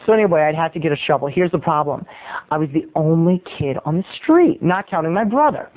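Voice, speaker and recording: A man's voice: a little high, expressive, fast. Man telling a rambling comic story. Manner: theatrical, rambling, jumps into voices. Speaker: video blogger. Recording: muffled lo-fi phone-like sound.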